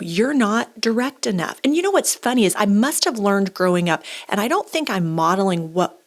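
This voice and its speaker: A woman in her forties co-hosting a casual podcast conversation, an animated storyteller who acts out the people she quotes. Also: fairly low pitch. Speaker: podcast co-host.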